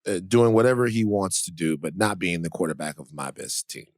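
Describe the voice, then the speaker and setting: A man's voice: deep voice, animated, brisk, dry recording, clean studio sound. A middle-aged man co-hosting a podcast, talking in casual chat that rambles, full of restarts and "you know"s. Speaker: podcast co-host.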